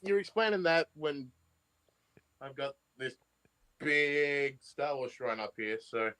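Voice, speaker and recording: A man's voice: on the high side, slow pace, pushed and bright, smooth, no room sound. A man, a guest in a casual podcast chat, easygoing and wry.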